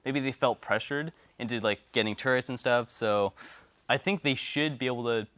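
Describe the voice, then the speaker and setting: A man's voice: mid-range voice, moderate pace, fairly bright tone, no echo. A man giving casual, upbeat esports desk analysis.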